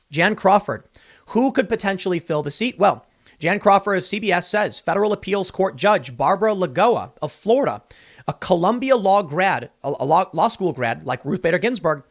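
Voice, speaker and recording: A man hosting a political commentary show, reading news excerpts aloud and breaking in with casual remarks like "dude" and "man". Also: high-pitched.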